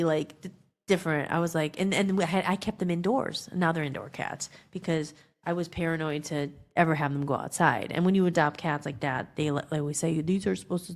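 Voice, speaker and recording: Gravelly-voiced woman telling a personal story. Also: on the low side, a little mellow. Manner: rambling, emotional, many fillers and restarts. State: tearful at times. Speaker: podcast host.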